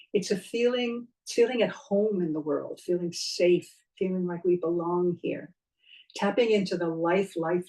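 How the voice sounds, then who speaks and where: Expressive middle-aged woman voice coach. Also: lowish voice, far from the mic, rough recording. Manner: expressive, demonstrates vocal techniques aloud. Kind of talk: spoken voice lesson.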